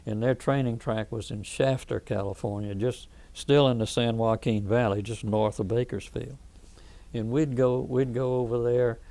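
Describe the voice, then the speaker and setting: A man's voice: medium pitch, steady tone, normal speed, dark tone. A man in his eighties with a Southern US accent, telling rambling stories in an oral history interview, often restarting his sentences. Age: 80s. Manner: rambling anecdotal storytelling, frequent restarts. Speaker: veteran interviewee.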